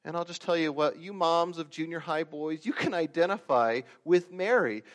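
Animated preacher man, loud peaks and hushes. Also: on the high side, normal speed, few pauses. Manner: animated, swings from loud emphatic peaks to quiet asides; acts out quoted voices and stories. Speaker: pastor. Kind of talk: sermon.

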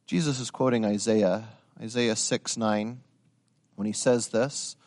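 A man preaching a sermon, swinging from quiet explanation to loud, rising dramatic passages and talking to his listeners directly. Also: fairly low pitch, steady tone, unhurried. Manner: addresses listeners as guys.

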